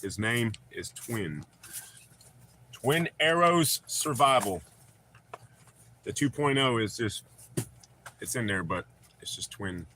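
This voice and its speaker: A man's voice: mid-range voice, expressive, slow pace, pauses often, sharp tone, a little hiss or hum. A man with a North Carolina accent hosting a casual livestream from home, rambling and joking with plenty of swearing. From not from North Carolina. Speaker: livestream host. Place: home with dogs.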